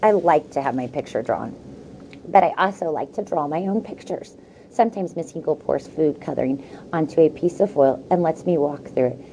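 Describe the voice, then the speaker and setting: Low, mellow teacher reading aloud. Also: female voice, slight background noise, rough recording. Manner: slow, gentle storytelling with asides to the class. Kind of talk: reading a chapter book aloud to students.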